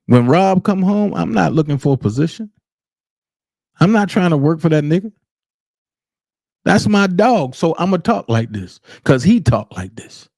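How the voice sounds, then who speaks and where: Male commentary host with a high voice, blunt and profane, dry close-miked sound. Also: very animated, normal speed, gravelly, pauses often, a little mellow, dry recording. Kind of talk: unscripted commentary rant.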